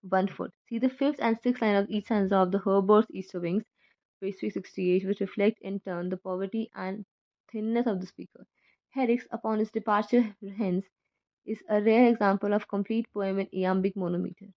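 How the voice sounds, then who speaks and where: A woman's voice: mid-range voice, fairly even intonation, normal speed. A woman reading a poetry textbook aloud with care, correcting herself now and then. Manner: careful reading with self-corrections. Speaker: student reader. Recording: dull lo-fi recording.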